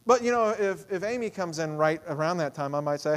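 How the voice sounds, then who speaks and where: A man preaching a sermon, conversational with asides and restarts, swinging from loud exclamations to hushed, soft phrases. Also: a little high, lively intonation, a little fast, few pauses. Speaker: pastor.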